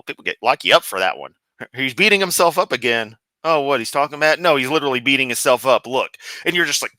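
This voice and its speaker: A man's voice: medium pitch, bright, forceful tone, no echo. A man from Memphis with a Southern accent, giving sarcastic, goofy, profane commentary on a livestream. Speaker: streamer host.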